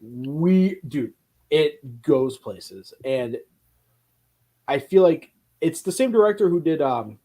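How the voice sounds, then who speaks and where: An animated man chatting casually on a film podcast. He tells stories with energy and swears freely. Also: a little high, takes it slowly. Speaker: podcast co-host. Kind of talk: casual chat.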